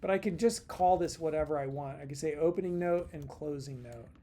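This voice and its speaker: A man's voice: a little high, a little fast, mellow. A middle-aged man giving a casual college lecture, chatty and repetitive, with many fillers and restarts. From California. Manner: chatty, repeats himself, plenty of fillers and restarts. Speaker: college instructor.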